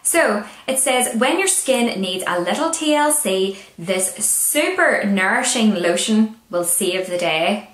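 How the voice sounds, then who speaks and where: A woman's voice: mid-range voice, lively intonation, takes it slowly, fairly bright tone. A woman with a Northern Irish accent, chatting casually as she reviews beauty products with wry asides. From Northern Ireland. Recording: roomy echo.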